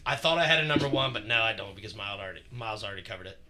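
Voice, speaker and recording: A man's voice: fairly low pitch, expressive, very fast, very noisy. A man co-hosting a podcast, ranting bluntly and swearing freely in casual chat. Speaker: podcast co-host.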